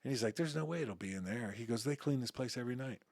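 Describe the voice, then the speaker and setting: A man's voice: medium pitch, fast, creaky, dry recording. Man retelling a story in a dry studio. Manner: animated anecdote-telling, acting out quoted dialogue with frequent restarts. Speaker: interview guest, former uniformed security officer. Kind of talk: storytelling in casual conversation.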